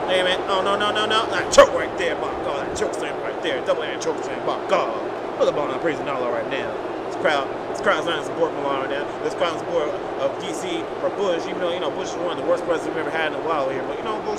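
A man doing comedic wrestling play-by-play, hyped and shouting at big moves, with rambling asides. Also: a little high. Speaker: wrestling commentator. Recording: noisy outdoor recording.

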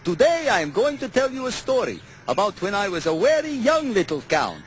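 A man's voice: high-pitched, wildly swooping pitch, brisk. A man voicing the Count, a theatrical vampire who loves counting, singing and storytelling for children's TV. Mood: grand. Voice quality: grand, dramatic, rolling delivery. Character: theatrical old male vampire counting-lover. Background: loud backing music.

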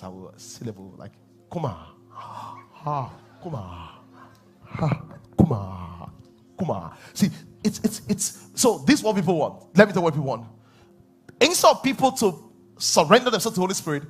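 A man preaching a sermon as pastor, animated, laughing and acting out voices. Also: on the high side, quick pace, soft background music. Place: church hall.

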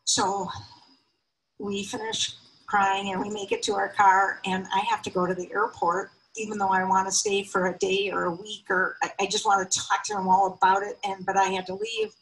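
A woman's voice: sing-song, normal speed, creaky, a bit bright, poor audio. Heartfelt middle-aged woman storyteller. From United States. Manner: emotional, heartfelt, with sudden high pitch lifts. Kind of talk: personal storytelling.

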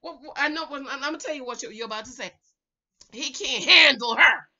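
A middle-aged woman giving a casual, sassy recap of a reality show and breaking into loud exclamations. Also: high voice, brisk, lo-fi sound.

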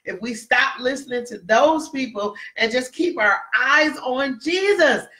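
A woman preacher in a ministry delivers a Bible teaching to an online audience, emphatic and repetitive, tagging points with "right?" and greeting viewers by name. She acts out quotes in raised voices. Her voice is high-pitched, expressive, pushed and bright, at a measured pace.

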